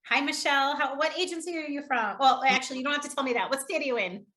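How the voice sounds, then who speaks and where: A woman's voice: high-pitched, fast, sharp tone. A woman leading a live online public speaking workshop, upbeat and encouraging, laughing often with participants. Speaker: public speaking trainer hosting a webinar.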